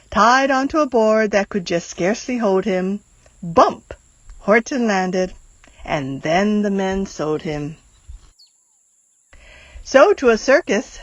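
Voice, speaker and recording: A woman volunteer reading a rhyming children's storybook aloud in an expressive, sing-song way. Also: medium pitch, no room sound, highs cut off. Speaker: volunteer reader.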